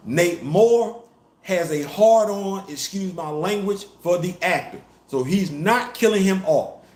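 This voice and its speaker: A man hosting a casual commentary show, talking in an animated, emphatic way with features. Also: high-pitched. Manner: animated, emphatic, rising to loud peaks. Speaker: host. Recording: roomy echo.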